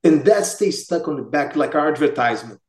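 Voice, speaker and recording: A man's voice: on the high side, fairly quick. A middle-aged man with a Brazilian accent, a martial arts master telling casual stories and acting out the voices of the people in them. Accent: Brazilian Portuguese. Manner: animated, acts out quoted voices. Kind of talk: casual storytelling. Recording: echoey room.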